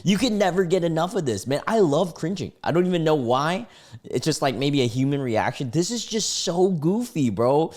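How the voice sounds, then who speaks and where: A man's voice: fairly high pitch, lively intonation, normal speed, darkish tone. A young man hosting a casual reaction video, laid-back and slangy, often laughing and exclaiming.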